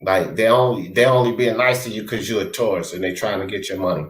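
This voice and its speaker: A man's voice: lowish voice, fast talker. A man hosting a casual talk stream, rambling as he reads viewers' comments aloud and speaks to them by name. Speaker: livestream host reading chat. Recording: echoey room.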